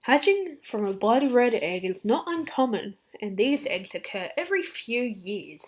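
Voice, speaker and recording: Excitable Australian woman reading fan facts. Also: medium pitch. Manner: chatty and excitable, drops into whispered asides. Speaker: fan channel host. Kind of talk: casual fact-reading vlog.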